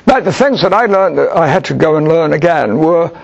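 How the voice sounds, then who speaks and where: A middle-aged man answering an audience question with a personal story, thoughtful and halting, with frequent restarts. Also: fairly high pitch, expressive, gravelly, a crowd in the background. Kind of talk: storytelling Q&A talk. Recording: dull lo-fi recording.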